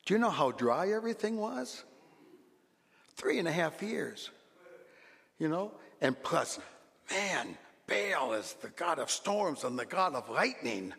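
A man preaches a sermon with a fairly high voice, dropping to quiet asides and then rising to loud exclamations. His words ring out with a long reverb that fills a church hall. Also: sing-song, unhurried, vocal fry, long pauses. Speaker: pastor.

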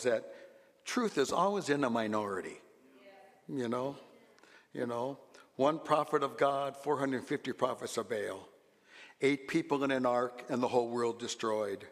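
A man preaching a sermon as a pastor, swinging from low asides to loud, animated exclamations. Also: in a large hall.

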